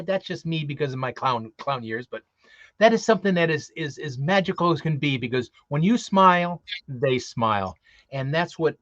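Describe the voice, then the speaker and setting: A cheerful, earnest man with a slightly high voice shares Santa-performing tips, often repeating words as he goes. The audio is dull and lo-fi, with a dry, close sound. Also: fairly bright tone, no room sound. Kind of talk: casual advice talk.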